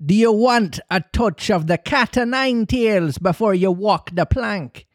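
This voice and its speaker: A man reading aloud and voicing a cruel male pirate captain with slow, steely, theatrical threats. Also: high-pitched, no echo, clean studio sound, pitched above the performer's own voice. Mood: menacing.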